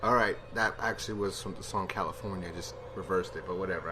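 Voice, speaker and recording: A man's voice: lowish voice, brisk, few pauses, noisy background. A man casually reviewing a TV episode, rambling and joking at his own expense. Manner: rambling, self-deprecating, jokey.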